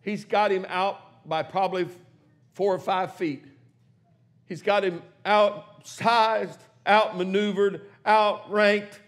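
A man's voice: high voice, steady tone, slow pace. A man pastor, preaching a sermon to a congregation and calling out to them, in a church sanctuary. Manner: preaching with rising shouts and calls to the congregation.

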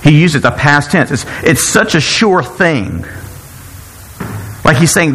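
A man's voice: on the high side, sing-song, sharp tone, slight background noise. Earnest male preacher in a reverberant hall. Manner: earnest, halting, repeats words while searching for them. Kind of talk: sermon.

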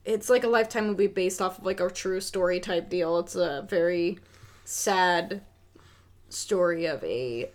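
A podcast co-host with a lowish voice talks a little slowly while reviewing a film casually. She's frank and loose, leaning on filler words and dropping the odd swear.

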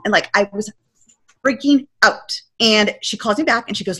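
Bright-voiced woman telling a lively story. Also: on the high side, moderate pace. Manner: animated, acts out her past self's panicked quotes. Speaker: podcast guest. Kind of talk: casual storytelling interview.

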